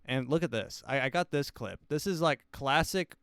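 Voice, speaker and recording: A man in his twenties, a podcast host, talking in a rambling, hesitant way with deadpan jokes. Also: medium pitch, normal speed, smooth, no echo, studio quality. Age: 20s. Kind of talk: casual solo commentary.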